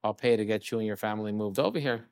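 A man's voice: fairly low pitch, quick pace, a little mellow, no echo, studio quality. A man, a chef and restaurant co-owner from California, telling stories in a casual interview, full of "you know" fillers. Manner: rambling, fillers like "you know", acts out quotes.

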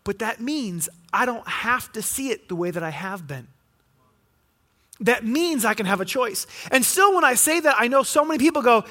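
A pastor preaching a sermon, telling a story and acting out what people say. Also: male voice, lively intonation, normal speed, bright, forceful tone. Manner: storytelling, acting out quotes with rising pitch.

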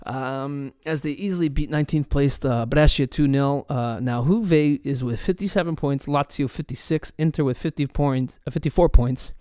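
A man's voice: medium pitch, normal speed, few pauses, clear, resonant tone, dry recording. Ranting soccer fan man, dry sound. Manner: swears a lot, animated fan rant; many fillers and restarts. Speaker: soccer podcast host. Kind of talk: casual solo chat.

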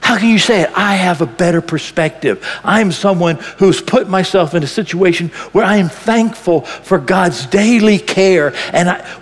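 A man preaching a sermon as pastor, impassioned, swinging between loud bursts and hushed lines. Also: high-pitched, long reverb tail.

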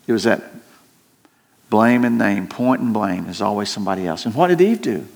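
A man's voice: on the low side, expressive, gravelly, darkish tone. Older man preaching an earnest sermon. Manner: earnest, slows down to stress points, repeats words. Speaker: pastor.

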